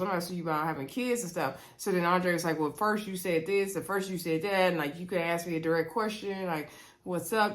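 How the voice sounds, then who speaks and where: A woman casually recapping a reality dating show, chatty and animated, quoting the cast and talking straight to her viewers. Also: fairly low pitch. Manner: chatty, animated, retelling scenes with quoted voices; addresses viewers directly. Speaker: reality TV reviewer.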